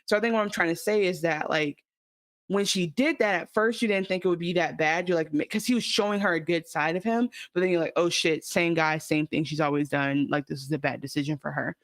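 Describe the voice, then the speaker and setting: A woman's voice: fairly low pitch, a little fast, no room sound. Woman co-hosting a show recap podcast, chatty, lots of likes, dry close sound. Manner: animated, many fillers, swearing. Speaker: podcast co-host. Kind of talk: casual recap chat.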